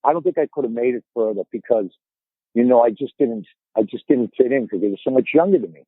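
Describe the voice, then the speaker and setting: A man's voice: medium pitch, quick pace, no echo, phone-quality sound. A man in his fifties with a Boston accent, a podcast guest telling stories in a casual, rambling way and often repeating his words as he starts a sentence. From Boston area, USA. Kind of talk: casual storytelling chat.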